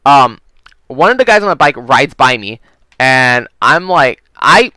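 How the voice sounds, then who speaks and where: A man's voice: medium pitch, very animated, a little slow, bright, forceful tone, no room sound, poor audio. A man telling work stories while playing a video game, rambling and swearing freely, with lots of "like" and "um". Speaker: gaming vlogger.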